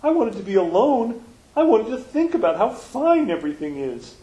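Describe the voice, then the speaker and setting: A man's voice: sing-song, moderate pace, reverberant, rough recording. A man reading a children's story aloud in a church service, voicing a cheerful, contented frog in a raised voice. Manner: bright, high and gentle.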